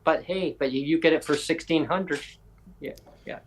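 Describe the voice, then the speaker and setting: Animated man telling a story. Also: on the high side, moderate pace, a little hiss or hum, low-quality recording. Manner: animated, acts out other people's lines in quoted voices. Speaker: podcast host. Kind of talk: casual storytelling chat.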